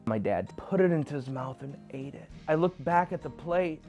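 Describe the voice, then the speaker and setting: Animated man telling a kids' story. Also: on the high side, moderate pace, soft background music. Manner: animated, playful. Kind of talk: storytelling for children.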